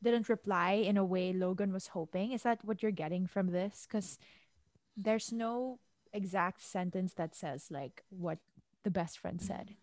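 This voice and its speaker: Casting note: relaxed woman podcast co-host, friendly and supportive, dry close-miked sound. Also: medium pitch, measured pace, no echo. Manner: chatty, supportive, says "like" and "dude". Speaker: podcast co-host reading listener letters. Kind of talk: casual advice chat.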